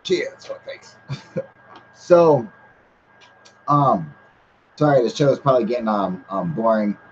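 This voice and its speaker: A man's voice: fairly low pitch, animated, takes it slowly. Buzzed guy cussing his way through a live stream, kinda muffled lo-fi mic, faint hiss. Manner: heavy swearing, laid-back, reads chat aloud. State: a little high and drunk. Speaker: livestream host. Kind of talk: casual rambling livestream chat.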